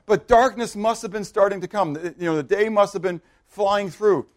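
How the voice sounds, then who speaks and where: High-voiced animated male preacher. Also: brisk. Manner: animated, asks the congregation questions; swings between loud emphasis and hushed asides. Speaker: pastor. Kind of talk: sermon.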